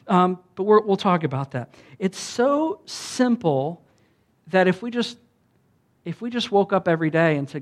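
High-voiced folksy pastor. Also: male voice, lively intonation, moderate pace. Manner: conversational, folksy, asks the crowd rhetorical questions. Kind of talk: sermon.

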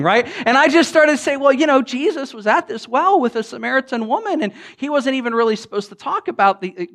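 Animated Southern pastor telling jokes. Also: male voice. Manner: animated, joking, swings between loud bursts and low asides; frequent fillers and restarts, chatty. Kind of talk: conversational sermon with humorous storytelling.

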